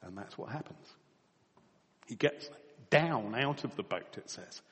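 A man preaching a sermon, telling a story with lively rises and soft, quiet drops, chuckling now and then between points. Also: lowish voice, measured pace. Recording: long hall reverb.

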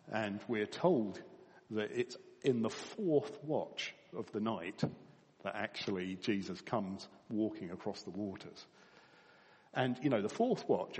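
A man preaching a sermon, telling a story with lively rises and soft, quiet drops, chuckling now and then between points. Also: mid-range voice. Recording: long hall reverb.

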